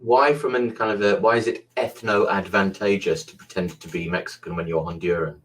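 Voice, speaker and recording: A man's voice: low-pitched, steady tone, brisk, a bit bright, recorded from a distance. A man co-hosting a comedy podcast, chiming in with quizzical questions and jokes. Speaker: podcast co-host. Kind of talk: casual comedic chat.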